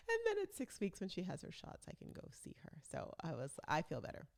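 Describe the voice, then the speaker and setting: Low, gravelly-voiced chatty woman. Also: huge pitch swings, fairly quick, hardly any pauses. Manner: chatty, rambling, self-described talker. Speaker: vlog host. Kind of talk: casual chat.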